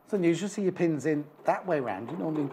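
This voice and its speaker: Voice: medium pitch, lively intonation, quick pace, very noisy. A shopping-channel presenter chatting with a guest and breaking off for viewer announcements.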